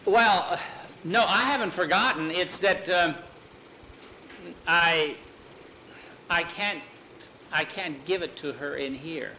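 Un hombre haciendo de Jackie, joven pretendiente tímido. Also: male voice, a little high, slow, long pauses, sharp tone, a little hiss or hum, heavily acted, rough recording. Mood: nervous. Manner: stammering, hesitant. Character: earnest bashful young male suitor.

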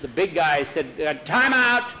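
A man telling a sports story in a folksy, animated way, with many "he said"s. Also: mid-range voice, moderate pace, a little hiss or hum, low-quality recording. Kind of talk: told story narration.

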